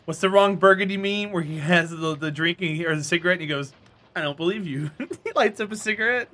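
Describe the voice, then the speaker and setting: A man's voice: high voice, fast, bright, forceful tone. A man with a North Carolina Southern accent, chatting and teasing viewers playfully while live-streaming a game. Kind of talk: live-streamed gameplay chat.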